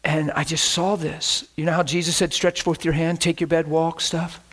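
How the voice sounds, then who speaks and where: A man preaching a sermon, telling animated stories and acting out scenes, breaking into laughter, shouts and whispers. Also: on the high side, normal speed. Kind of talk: storytelling sermon.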